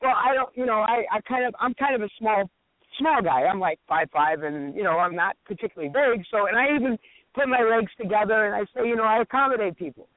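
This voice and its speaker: Excitable storytelling man, high voice. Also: fast, no echo. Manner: animated, profane, acts out quotes. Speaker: radio co-host. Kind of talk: casual storytelling chat. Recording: tinny phone-like radio audio.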